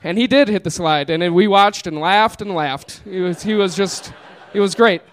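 A man's voice: high-pitched, normal speed, fairly bright tone. Amused young man telling a stage story. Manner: laid-back, amused, laughs through his own story. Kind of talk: live storytelling. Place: small live venue.

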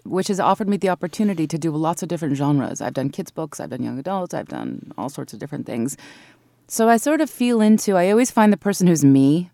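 A woman's voice: deep voice, sing-song, a little fast, mellow, dry recording. A woman audiobook narrator talking in an interview, explaining her craft thoughtfully and laughing easily, speaking from her recording booth at a studio mic. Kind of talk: interview conversation. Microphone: studio microphone.

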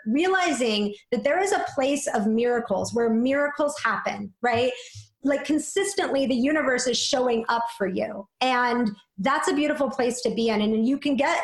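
A woman's voice: on the high side, echoey room. A woman talking in a casual conversation, reflective and flowing, often adding "like" and "right?".

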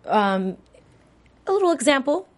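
A woman's voice: high-pitched, big pitch swings, unhurried. Woman co-host, casual recap chat, rambling and chatty.

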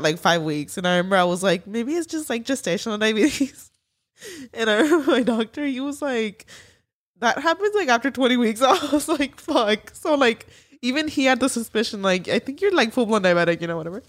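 A woman's voice: fairly high pitch, lively intonation, a little fast, dry recording. Young female co-host, loose filler-heavy chat with cursing, dry close sound. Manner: swearing, filler-heavy, giggly. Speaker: podcast co-host. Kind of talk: casual chat.

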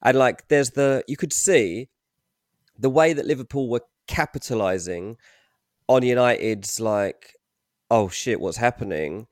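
A man co-hosting a football podcast as transfer pundit, analytical and hesitant, with many pauses and restarts. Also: medium pitch, no echo, clean studio sound. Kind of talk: casual football podcast chat.

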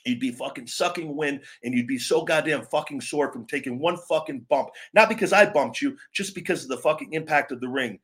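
Guy hosting a live wrestling stream, swears nonstop, goes off on trolls, mid pitch. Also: fairly quick, few pauses. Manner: profane, aggressive, berating trolls; calmer, rambling with restarts. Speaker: host of a live wrestling show. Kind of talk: live stream rant and commentary.

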